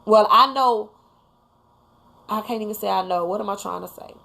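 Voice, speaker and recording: A woman's voice: mid-range voice, normal speed, creaky, sharp tone. A mother hosting a casual live talk, speaking emphatically and bluntly to her viewers, now and then swearing. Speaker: livestream host talking to viewers.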